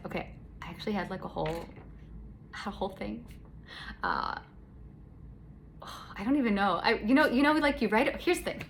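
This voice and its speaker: Canadian woman hosting her podcast solo, joking around, sarcastic, keeps restarting sentences, mid pitch. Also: a little hiss or hum. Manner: chatty, sarcastic, rambling with self-corrections. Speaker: podcast host. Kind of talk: casual solo chat. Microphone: phone.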